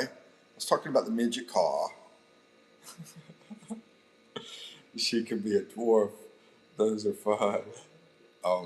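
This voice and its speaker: A man's voice: sits low, slight background noise, low-quality recording. Playful American man on a livestream. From United States. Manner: joking, playful, laughs often, calls viewers bro. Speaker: livestream host. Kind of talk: casual live chat reading viewer comments.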